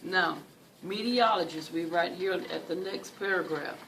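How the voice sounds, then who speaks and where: A teacher with a mid-range voice and some vocal fry leads a classroom reading lesson at a moderate pace, patiently repeating questions and key words for the students. She is far from the microphone, so the recording sounds distant, with classroom noise throughout.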